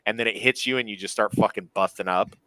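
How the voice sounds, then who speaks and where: A man co-hosting a podcast, his voice bright and forceful, recorded dry and close with no room sound. He chats casually and tells stories in a crude, profane, animated way. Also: lowish voice, fast, no echo, rough recording. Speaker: podcast co-host. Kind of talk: casual chat.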